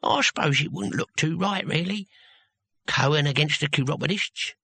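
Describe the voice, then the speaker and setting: A man voicing a touchy, toothless old male barbarian hero in a storybook reading, talking gruffly and with sarcasm. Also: a little high, normal speed, sharp tone, dry recording, heavily acted. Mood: rambling.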